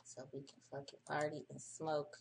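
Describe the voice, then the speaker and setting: A woman's voice: low voice, completely flat delivery, moderate pace, vocal fry, slight background noise. A woman hosting a casual early-morning livestream, profane and chatty, reading an article aloud and breaking off for her own asides. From United States. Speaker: livestream host.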